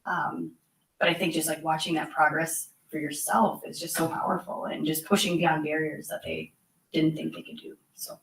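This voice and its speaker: A young woman cross country coach telling an animated story at a school board meeting. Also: low-pitched, normal speed, creaky. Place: meeting room. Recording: echoey room from far off.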